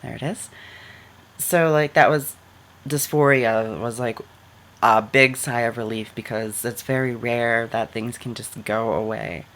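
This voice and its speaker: A woman's voice: very deep voice, fairly even intonation, measured pace, a bit bright. A woman vlogger giving casual advice into her computer camera, talking loosely with lots of "like" fillers. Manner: chatty, many "like" fillers.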